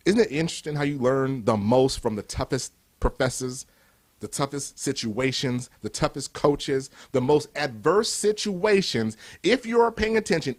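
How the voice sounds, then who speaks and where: A man in his fifties from Cleveland, giving a motivational speech with emphatic, repeated rhetorical build-ups. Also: mid-range voice. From Cleveland, USA. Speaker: motivational speaker.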